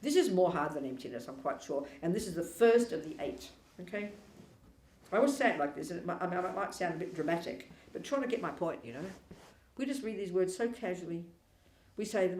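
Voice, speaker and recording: A woman's voice: lowish voice, quick pace, a little hiss or hum. Emphatic woman teacher in an echoey hall. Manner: animated, emphatic, provocative and ironic. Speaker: Buddhist teacher. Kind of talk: dharma teaching. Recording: echoey room.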